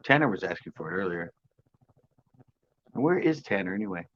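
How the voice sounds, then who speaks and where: A man with a fairly low voice hosts a live fishing stream from his porch. He chats casually with viewers and reads their comments aloud, joking and sarcastic and laughing often. The audio is dull and lo-fi. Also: lively intonation, brisk, a bit bright.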